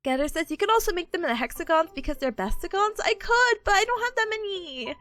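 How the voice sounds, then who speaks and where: A woman's voice: very high voice, animated, fast, a bit bright, no room sound, faint music behind. A young woman streaming as a VTuber, chatting casually with her chat, giggly and bubbly, talking with a smile.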